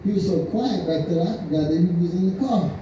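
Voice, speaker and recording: An older man telling a stand-up comedy story, animated and laughing at his own punchlines. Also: high voice, fast, muffled recording, slight background noise. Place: American Legion hall, live show. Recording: echoey hall, mic heard from far.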